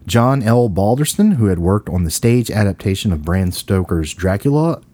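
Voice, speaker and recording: A man speaks at normal speed with a fairly low, dark voice and lively intonation. He hosts a podcast, playfully teasing and joking with his co-host in casual banter as he recounts an old horror film.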